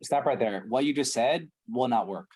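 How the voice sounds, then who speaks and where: A man's voice: medium pitch, normal speed, over a noisy crowd. A man coaching a client, asking direct, probing questions. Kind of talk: coaching session.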